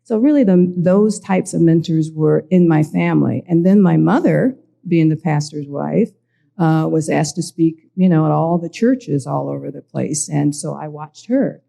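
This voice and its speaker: A woman on a church panel, a pastor's daughter, telling reflective stories about her family in a halting way. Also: deep voice, creaky, mellow. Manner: reflective, halting with frequent restarts. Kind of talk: reflective personal storytelling.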